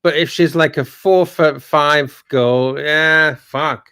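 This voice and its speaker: A man's voice: on the high side, steady tone, slow, sharp tone, smooth. A man co-hosting a livestream, bantering casually and reacting with swearing and exclamations. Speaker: livestream co-host.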